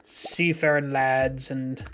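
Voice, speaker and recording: Brief: jolly pirate played by a male streamer, slow, halting, lilt slipping Scottish. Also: medium pitch, flat delivery, fairly bright tone, soft background music. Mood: rambling. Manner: halting, hunts for pirate words. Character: jolly male pirate greeting his crew. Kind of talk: playful put-on voice on a game stream.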